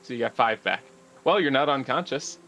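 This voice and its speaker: A man narrating a tabletop game as game master, relaxed and chatty with many fillers. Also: mid-range voice, a little fast, slight background noise.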